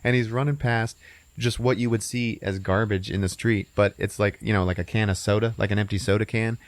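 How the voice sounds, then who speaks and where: A man's voice: lowish voice, fairly even intonation, a little fast, dry recording. A man hosting a podcast, rambling and swearing as he recaps a movie. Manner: rambling, laughing, profane. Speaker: podcast host.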